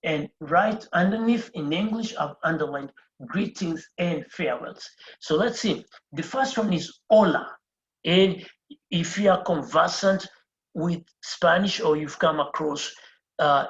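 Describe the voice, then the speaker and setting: A patient Spanish teacher works through a beginner lesson at a board step by step, repeating every phrase and spelling words letter by letter. Her voice is mid-pitched, and the roomy, slightly dull recording sounds like a lo-fi classroom capture.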